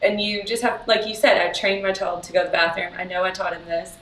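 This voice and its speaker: A woman's voice: mid-range voice, steady tone, quick pace, a bit bright. A woman talking candidly as a parent in a group discussion, laughing often. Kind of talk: casual chat. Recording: echoey room, mic at a distance.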